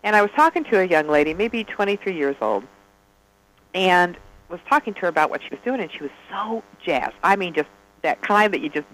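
High-voiced man telling animated stories. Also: brisk, poor audio. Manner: animated storyteller who acts out dialogue. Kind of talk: casual chat.

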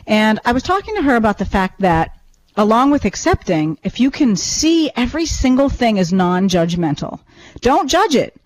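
A woman talking in a relaxed conversational way, reflecting thoughtfully as she shares ideas and anecdotes. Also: on the high side, normal speed, slight background noise, poor audio. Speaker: podcast co-host and teacher. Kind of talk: casual chat.

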